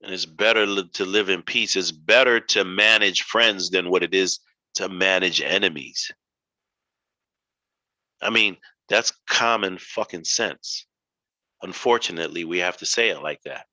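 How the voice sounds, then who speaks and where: Blunt, lowish man lecturing on stream. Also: a little slow, bright, forceful tone, low-quality recording. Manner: blunt, profane, rhetorical questions. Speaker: live stream host teaching. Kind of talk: casual lecture on a live stream.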